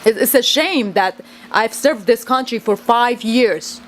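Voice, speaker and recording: A woman whose native tongue is Kurdish vents to camera from a device held close. She rambles, swears and repeats herself in an agitated monologue. Her voice sits a little higher than most. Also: a little slow, a little hiss or hum.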